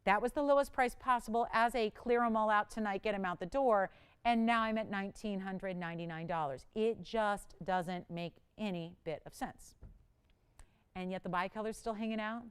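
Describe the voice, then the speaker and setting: A woman's voice: mid-range voice, normal speed, clear, resonant tone. Chatty woman hosting live jewelry sales. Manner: chatty, enthusiastic, talks to callers and crew. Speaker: shopping channel host. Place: TV studio.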